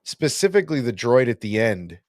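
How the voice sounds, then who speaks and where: A man's voice: mid-range voice, big pitch swings, brisk, no echo, studio quality. A man co-hosting a casual fan podcast, talking in a rambling, self-correcting, playful way. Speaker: podcast co-host.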